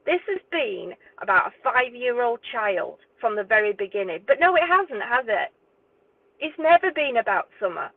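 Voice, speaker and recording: A woman's voice: on the high side, sing-song, moderate pace, no echo. A woman ranting indignantly as a true crime YouTuber, swearing and exasperated. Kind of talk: angry direct-to-camera rant. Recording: tinny phone-like dry audio.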